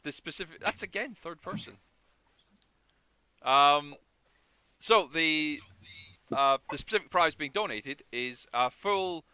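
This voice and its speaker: A man's voice: on the high side, pushed and bright, clean tone, dry recording. A man hosting a charity stream over a video call, chatting in a rambling, jokey way. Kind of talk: casual chat.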